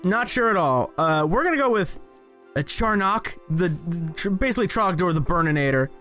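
A young man giving casual, rambling gameplay commentary, joking at himself and jumping into high excited yelps as he plays. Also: moderate pace, faint music behind. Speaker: gaming channel host.

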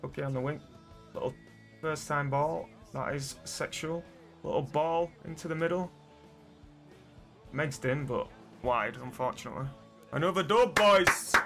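A young man commentating his own football video game match, muttering to his players and then yelling at them. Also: on the high side, moderate pace, pauses often, faint music behind. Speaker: gaming streamer. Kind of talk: excitable gameplay commentary.

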